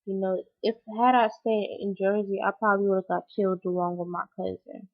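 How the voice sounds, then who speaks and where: A woman's voice: medium pitch, little pitch movement, brisk. A young woman telling a personal story on her channel, rambling and emotional with many fillers. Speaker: vlogger. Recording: dull lo-fi recording.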